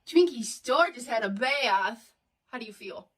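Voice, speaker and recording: A woman's voice: a little high, animated, unhurried, slight background noise, low-quality recording. Congested, giggly woman vlogging. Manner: chatty, giggly, talks to viewers. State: congested from a cold. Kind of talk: casual cooking vlog chat. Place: home kitchen.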